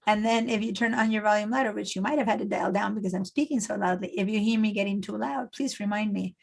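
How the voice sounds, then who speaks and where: A woman's voice: mid-range voice, quick pace, vocal fry, rough recording. A middle-aged woman from Argentina, teaching a design class over a video call in a chatty, step-by-step way with lots of fillers. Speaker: design instructor. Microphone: computer mic on a video call.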